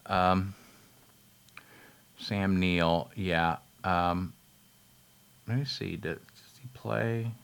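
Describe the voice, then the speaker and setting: A man's voice: sits low, very slow, creaky, long pauses, a bit bright, clear, resonant tone. A man casually talking about a film he watched, rambling with many fillers and restarts, laughing at himself and swearing now and then. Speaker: film reviewer. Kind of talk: rambling casual movie talk.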